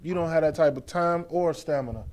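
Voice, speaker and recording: Man, a bit high-voiced, talk show guest, playful and chatty. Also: brisk. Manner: animated, teasing, playful. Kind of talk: casual relationship chat.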